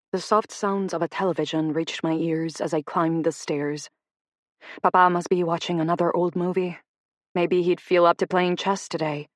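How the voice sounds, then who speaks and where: A woman narrating a dark romance audiobook in the first person, measured and steady. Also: low voice, no echo, studio quality. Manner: measured storytelling.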